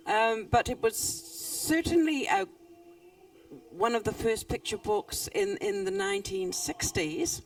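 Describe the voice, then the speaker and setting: A woman's voice: sits high, sing-song, a little slow, gravelly, recorded from a distance. An older woman with a New Zealand accent, a children's author talking casually in a stage interview at a book fair.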